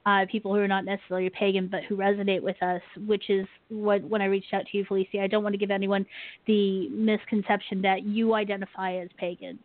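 A woman hosting an interview, framing her question quickly and carefully over a remote call. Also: medium pitch, level tone, no echo. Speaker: host. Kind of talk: casual interview chat. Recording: tinny phone-like line, dry.

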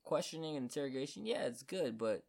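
A man's voice: fairly high pitch, animated, fast talker, gravelly, darkish tone. Male co-host, casual podcast banter, skeptical and hesitant, repeats himself. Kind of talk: casual chat reviewing a film.

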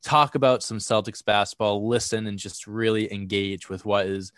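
A man's voice: on the low side, normal speed, dry recording, studio quality. Congested man hosting a sports podcast. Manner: energetic, rambling with fillers and restarts. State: congested from a cold. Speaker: podcast host. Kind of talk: casual sports podcast chat.

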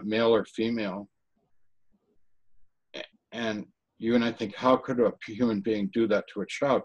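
A man giving an earnest personal testimony in an interview, talking haltingly with frequent restarts. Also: medium pitch, low-quality recording. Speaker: interview guest.

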